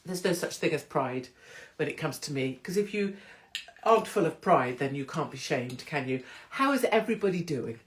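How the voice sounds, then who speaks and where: A woman's voice: deep voice, lively intonation, moderate pace. A woman from England with a British accent, hosting her own live stream from home in a chatty, irreverent, oversharing way. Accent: British English. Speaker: host of a live-streamed show. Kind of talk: casual live-stream chat. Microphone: phone or computer live stream.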